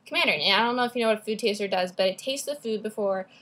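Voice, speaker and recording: A woman's voice: medium pitch, racing, fairly bright tone. A teenage girl talking about books in a bubbly, chatty vlog, often drifting off topic, recording at school. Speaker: book vlogger. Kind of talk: casual book talk vlog.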